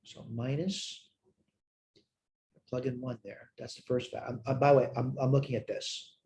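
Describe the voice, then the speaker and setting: A man's voice: mid-range voice, little pitch movement, moderate pace, mellow. A tired man teaching a recorded math lecture, thinking aloud as he works problems, correcting himself and answering his own questions. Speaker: math instructor.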